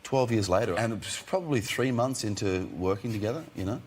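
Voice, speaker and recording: A man with a low, lively voice tells loose stories as a talk show guest. He talks in an easy, chuckling way and leans on "you know" again and again. His pitch rises and falls a great deal. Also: fairly quick. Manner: laid-back storyteller, chuckling, full of you-knows. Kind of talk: casual chat, anecdotes. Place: TV studio with audience.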